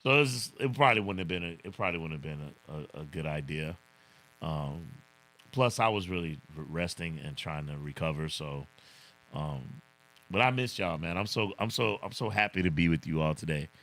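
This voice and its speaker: A man's voice: low voice, expressive, a little fast, a bit bright. A man hosting a casual livestream, reading viewer comments in a laid-back way, chuckling often and saying "man" a lot. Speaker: livestream host.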